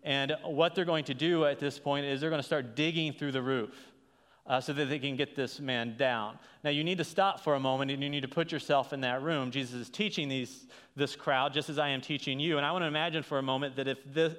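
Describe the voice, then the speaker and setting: A man's voice: mid-range voice, steady tone, fairly quick, a bit bright. A man preaching a sermon as a pastor, talking in a conversational way with frequent restarts and rhetorical "right?" checks. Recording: long hall reverb.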